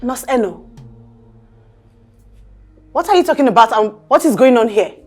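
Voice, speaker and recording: A woman playing a wife and mother, high and incredulous in her outrage. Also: animated, moderate pace, soft background music, natural voice. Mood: outraged. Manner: high, incredulous, rising to shouts. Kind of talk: Nollywood film acting. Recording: roomy, echoey film sound.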